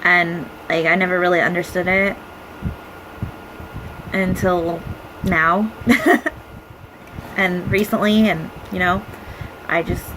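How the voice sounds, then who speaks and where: A woman's voice: fairly low pitch, steady tone, background noise. Emotional young woman holding back tears. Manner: emotional, halting, many pauses and fillers. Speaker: vlogger. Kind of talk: personal video message.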